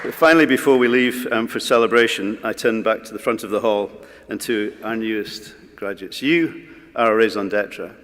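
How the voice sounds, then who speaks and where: Man, graduation speech, wry, anecdotal, halting fillers, lowish voice, large echoing hall. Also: fairly bright tone, a faint crowd, a little hiss or hum. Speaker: college speaker at a graduation. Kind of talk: ceremony speech.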